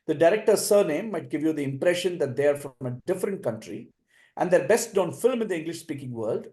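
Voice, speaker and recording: A man hosting an online quiz final as quizmaster, reading questions in a measured way and recapping answers with encouragement. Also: fairly high pitch, mellow.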